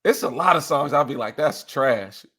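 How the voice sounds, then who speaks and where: A young man chatting casually as a podcast guest, animated, often laughing and breaking into bits of song. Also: medium pitch, normal speed, background noise. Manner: animated, exclaims and sings snippets, laughs often.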